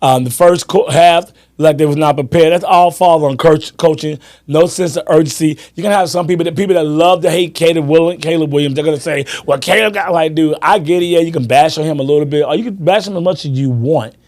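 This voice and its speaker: Animated man telling a sports story. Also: fairly high pitch, a little fast, few pauses. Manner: animated storyteller, acts out friends' lines, laughs often. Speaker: podcast host. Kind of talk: casual sports chat.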